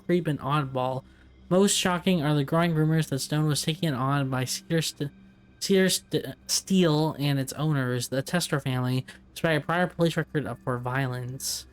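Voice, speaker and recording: A man playing a story game, casually chatting and reading in-game documents aloud, often chuckling and stumbling over tricky words. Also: on the high side. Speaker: let's play gamer.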